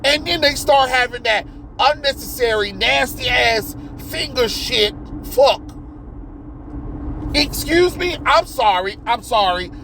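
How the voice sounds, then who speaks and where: Commentator: fired-up man with a high voice, loud, profane, exasperated rant. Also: unhurried, gravelly, slight background noise, poor audio. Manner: loud, exasperated, swears constantly, shoots up to yelps. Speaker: video commentator.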